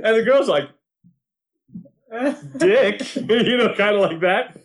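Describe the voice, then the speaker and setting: A man's voice: sits high, takes it slowly, pauses often. A young man co-hosting a casual podcast, telling a story with acted-out quotes, swearing and laughing as he goes. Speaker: podcast co-host. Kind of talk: casual chat recapping a show.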